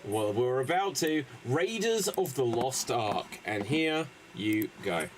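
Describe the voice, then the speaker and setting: A man's voice: mid-range voice, very animated, slight background noise, low-quality recording. A man hosting an improv livestream, setting up games and reading chat in a hesitant way. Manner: slow, hesitant, lots of fillers. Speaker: improv show host. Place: small stream studio.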